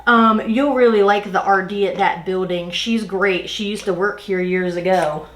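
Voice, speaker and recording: While doing her makeup, a beauty vlogger vents about an exasperating work experience in a casual storytime, ranting and retelling it animatedly. Her voice is medium-pitched at normal speed, and the room sounds echoey.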